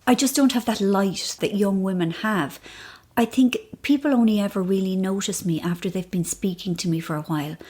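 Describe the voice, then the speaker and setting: A woman's voice: mid-range voice, moderate pace, a little mellow. A woman in her fifties, a novelist guest in a candid interview, talking frankly and self-deprecatingly, recorded in a hotel room. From Ireland. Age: 50s. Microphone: mic perched on an ironing board.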